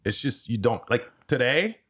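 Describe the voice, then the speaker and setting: A man who is an army veteran, a guest on a podcast, recounting his youth in a halting, casual way. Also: mid-range voice, sing-song, fairly bright tone, husky. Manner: halting, restarts often. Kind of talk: casual conversation.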